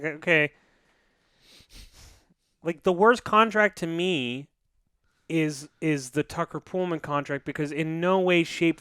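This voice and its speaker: A man's voice: a little high, fairly bright tone, clean tone, no room sound, clean studio sound. A man co-hosting a podcast in casual chat, rambling and jokey, with plenty of swearing. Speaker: podcast co-host.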